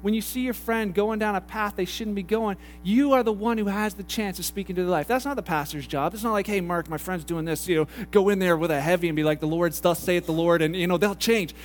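Preaching in a church hall, a middle-aged Canadian pastor gives a conversational sermon in a high voice, talking fast with few pauses. He repeats phrases and acts out little dialogues.

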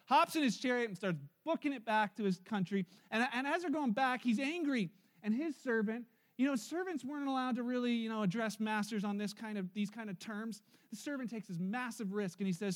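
A man preaching a sermon as pastor, telling a story in an animated way and acting out the voices of its people. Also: high-pitched, brisk. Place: church.

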